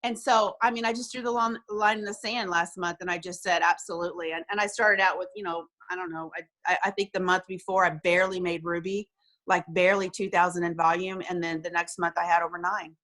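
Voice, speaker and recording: A woman telling an emotional personal story over a video call, animated and acting out what people said. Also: fairly low pitch, brisk, poor audio. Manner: animated, acts out quoted dialogue, frequent restarts. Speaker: guest sharing a success story.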